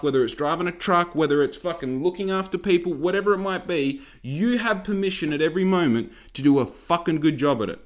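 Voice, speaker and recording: Heated, sweary man ranting. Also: fairly high pitch. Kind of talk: profane storytelling rant.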